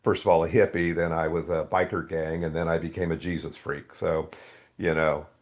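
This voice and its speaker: A man's voice: extremely low pitch, moderate pace. A man in his sixties, a guest author animatedly telling a story in a podcast interview. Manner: animated storytelling with quoted dialogue.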